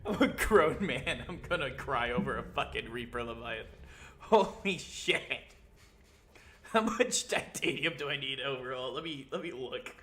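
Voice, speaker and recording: Excitable, cursing young man gaming. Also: medium pitch, moderate pace. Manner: excitable, swears a lot, yelps when scared. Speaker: gaming video host. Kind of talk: casual gameplay commentary.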